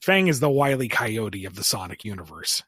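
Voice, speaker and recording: A man's voice: on the low side, sing-song, fairly quick, fairly bright tone, breathy edge, no room sound. A man co-hosting a casual podcast, answering listener questions by playfully riffing out silly scenarios.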